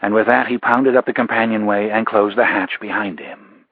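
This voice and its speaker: Brief: measured male audiobook narrator, husky tone, dry dull sound. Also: fairly low pitch, steady tone, no echo. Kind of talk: scripted narration.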